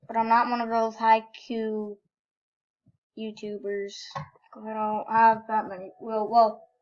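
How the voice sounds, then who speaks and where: A young woman with a fairly high voice chats through her gameplay, trailing off, restarting her sentences and bursting out now and then. She records on a computer microphone, so the sound is muffled and lo-fi. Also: unhurried. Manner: rambling, self-correcting, sudden excited outbursts. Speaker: gaming YouTuber. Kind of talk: casual gameplay commentary. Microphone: computer microphone with screen recorder.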